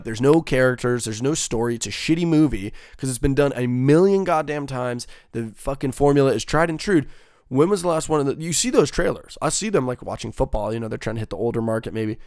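A man's voice: medium pitch, a little mellow, clear, resonant tone, dry recording, studio quality. A young man ranting casually and heatedly, swearing a lot and rambling from point to point. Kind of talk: casual podcast rant.

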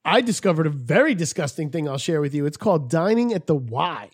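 Man, podcast co-host, foul-mouthed storyteller, slightly high voice. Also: brisk. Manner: profane, animated storytelling. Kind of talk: crude casual chat.

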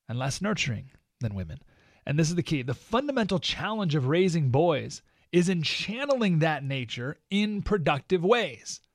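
A man hosting a talk radio show, delivering an opinionated monologue in an animated, sarcastic way with mocking asides. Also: fairly high pitch, creaky, dry recording, studio quality.

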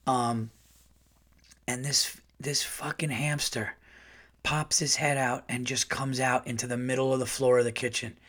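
A man's voice: mid-range voice, little pitch movement, measured pace, fairly bright tone. Rambling, profane middle-aged man telling a story. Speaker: podcast host. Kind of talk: casual storytelling.

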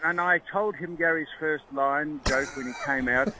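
A man's voice: on the high side, normal speed, a loud crowd, rough recording. Rambling man telling a mock-grand story. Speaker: guest commentator. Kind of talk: comic radio chat.

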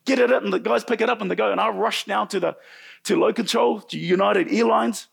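Gravelly New preacher, lively storyteller. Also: male voice, sits high, fast. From New Zealand. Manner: animated storytelling, swings from loud to hushed. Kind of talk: sermon with personal story. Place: church.

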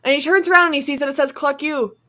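Podcast host, woman, a bit high-pitched, animated casual storyteller. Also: fast talker. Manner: animated storyteller who acts out voices. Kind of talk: casual chat.

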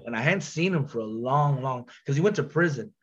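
A man telling a story on a podcast in a casual, animated way, full of slang, repeats and restarts. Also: medium pitch, fairly quick, breathy edge, lo-fi sound.

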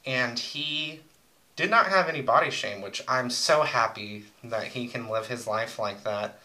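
A man's voice: medium pitch, a little slow, bright, forceful tone, rough recording. A young man chatting casually as co-host, rambling through crude, joking stories about old roommates. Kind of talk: casual chat.

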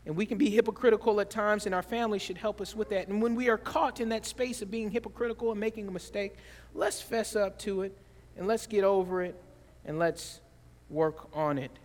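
A man preaching a sermon as pastor, telling stories with animated shifts between quiet and loud. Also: a little fast, big-room sound. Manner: animated storytelling with big swings in pitch and loudness.

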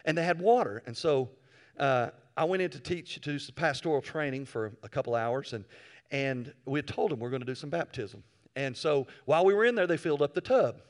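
A male pastor preaching a sermon, telling stories with animated swings from quiet asides to loud bursts. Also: a little high, fairly quick.

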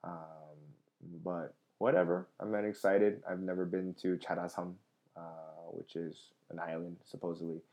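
Low, mellow-voiced man chatting loosely. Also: flat delivery, measured pace. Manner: rambling, many fillers and restarts. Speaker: comedian hosting a livestream podcast. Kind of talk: casual live chat reading viewer comments.

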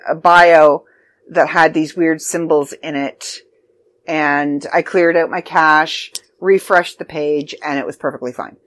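Woman podcast host, unhurried, rambling and self-deprecating, slightly dry throat. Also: fairly low pitch, no echo. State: throat drying out. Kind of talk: casual podcast sign-off.

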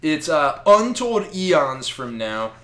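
A man hosting a casual podcast chat, recapping a comic in an animated, profane way. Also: a little high, slow. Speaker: podcast host.

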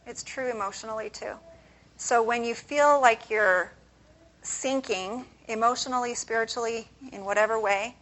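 A woman's voice: on the high side, a bit bright, poor audio. A woman speaking as an author at a conference, giving a conversational motivational talk and posing questions to the audience.

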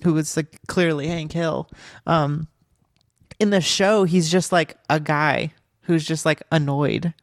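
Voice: medium pitch, steady tone, slow, no echo, clean studio sound. A podcast co-host in casual chat, talking loosely with lots of fillers and giggles.

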